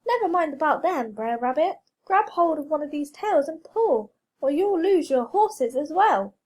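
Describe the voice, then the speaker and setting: A woman's voice: high-pitched, expressive, moderate pace, a little mellow. A woman voicing a sly, cheeky male rabbit trickster in a storybook reading, eager and innocent-sounding. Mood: urgent.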